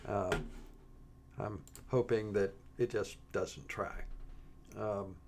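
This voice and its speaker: A man presenting a coding tutorial in a relaxed, halting way, with frequent pauses and restarts as he works through the demo. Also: lowish voice, a little hiss or hum. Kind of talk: screen-recorded coding tutorial.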